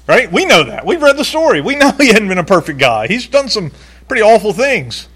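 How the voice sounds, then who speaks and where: A male pastor preaching a sermon in an animated way, acting out quoted voices and laughing now and then. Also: high-pitched, a little fast, husky.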